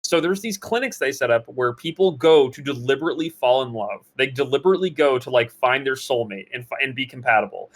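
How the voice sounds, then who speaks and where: Man, podcast co-host, casual chat, animated storyteller, mid-pitched voice. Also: quick pace, few pauses. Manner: animated storyteller, many fillers and restarts.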